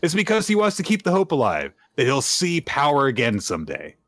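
Animated male podcast host, dry close mic. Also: mid-range voice, fast, dry recording. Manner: animated storyteller, laughs often. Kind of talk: casual comic recap chat.

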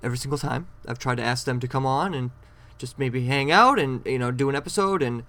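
A man's voice: medium pitch, brisk, sharp tone, no echo. A man hosting a podcast on his own, recapping a TV episode in a rambling, chatty way with frequent self-corrections. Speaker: podcast host.

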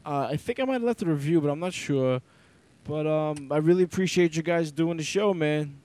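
A man with a New York accent hosting a podcast, relaxed and appreciative, sometimes stumbling over his words. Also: fairly high pitch, dry recording. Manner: relaxed, appreciative, slightly halting. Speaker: podcast host. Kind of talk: casual chat.

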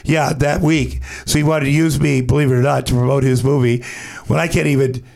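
A middle-aged man, a podcast guest, telling a rambling story in a casual, animated way and acting out the quotes. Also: medium pitch, fairly quick, gravelly.

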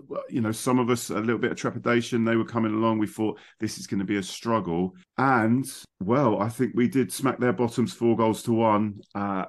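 Middle-aged man, low-ish voice, rambling chatty podcast host. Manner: chatty, rambling, laughs easily. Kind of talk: casual chat among friends.

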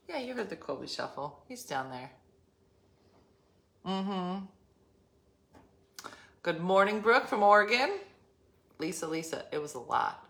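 A chatty woman talks straight to her viewers, blunt and full of asides. Her voice is bright and her pitch swings widely, though she takes her time. She sits in her parked car. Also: creaky. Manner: chatty, blunt, animated storytelling. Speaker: livestream host chatting with viewers. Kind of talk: casual chat. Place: parked car in a parking lot.

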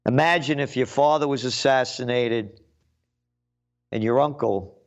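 A man's voice: mid-range voice, unhurried, lo-fi sound. A man hosting his own show, delivering a blunt, combative, emphatic commentary monologue. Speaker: show host.

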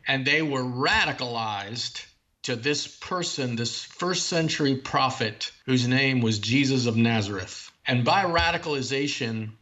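A man's voice: medium pitch, pushed and bright. A man speaking as the author being interviewed, laying out his points in long, earnest explanations. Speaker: author and guest. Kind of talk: interview, theological discussion.

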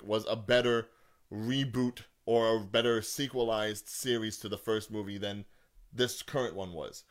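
A man co-hosting a casual podcast chat, ranting with big jumps in pitch when worked up. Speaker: podcast co-host.

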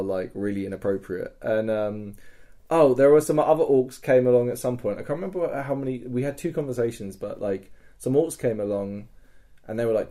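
A man on a podcast, animatedly telling a story about a live-action role-play event, swearing often. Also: fairly low pitch. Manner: animated and sweary, with frequent laughs and restarts. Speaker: podcast guest.

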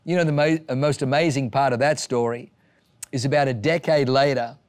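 A male pastor giving a sermon with animated storytelling, acting out the voices of people in his stories. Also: mid-range voice, fairly quick, clear, resonant tone, no echo.

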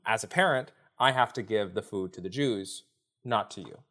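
On a podcast, a male author explains a Bible story conversationally, animatedly acting out the speakers he quotes. His voice sits on the low side and moves at a normal speed.

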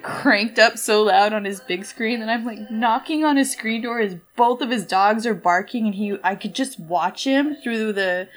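A woman chatting casually, rambling and animated, full of "like" and restarts. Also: mid-range voice, rough recording. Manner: rambling, animated storyteller with many fillers. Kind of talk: casual chat.

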